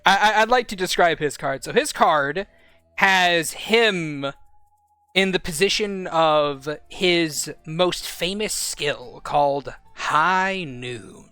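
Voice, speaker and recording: Gm guy rambling thru descriptions, crisp dry mic. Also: high-pitched, takes it slowly, sharp tone, no echo, faint music behind. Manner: rambling descriptive narration with many fillers. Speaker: game master. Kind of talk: narrating a tabletop game.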